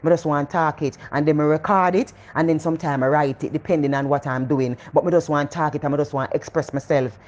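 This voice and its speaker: A middle-aged woman with a Jamaican accent giving a casual motivational talk, animated and preachy, repeating phrases for emphasis. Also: sits low, quick pace, hardly any pauses, muffled recording. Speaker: motivational vlogger.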